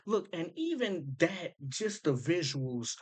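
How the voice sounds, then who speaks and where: A man's voice: fairly high pitch, very animated, slow, slightly rough, poor audio. A man hosting a casual commentary, eagerly explaining and pointing out details as he goes. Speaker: host breaking down rap lyrics.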